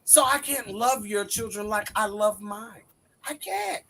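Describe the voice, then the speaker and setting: A man's voice: high-pitched, unhurried, pushed and bright. A man in his forties on a wrestling panel, bantering dramatically and preaching in a mock-wounded tone.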